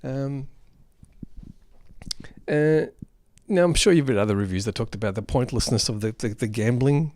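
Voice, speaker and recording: A man's voice: medium pitch, normal speed, long pauses, a little mellow, dry recording, studio quality. A man giving an unrehearsed film review, rambling and exasperated.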